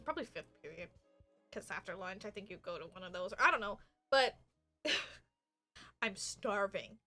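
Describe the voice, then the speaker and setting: A young adult woman co-hosting a podcast, telling a story in casual chat with animated delivery and frequent laughter. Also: mid-range voice, unhurried, faint music behind. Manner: animated, laughs often, acts out quotes loudly. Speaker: podcast co-host.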